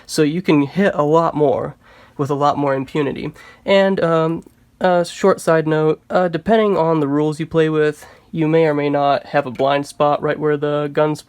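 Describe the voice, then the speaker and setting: A man's voice: fairly high pitch, steady tone, normal speed, darkish tone, clear, resonant tone, no room sound. A man hosting a casual breakdown of a tabletop game, chatty and full of filler words.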